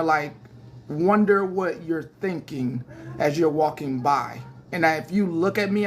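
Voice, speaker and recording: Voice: medium pitch, fairly bright tone, slight background noise. A pastor hosting a casual livestream news show, talking to viewers in chat in a chatty, hesitant way with many fillers.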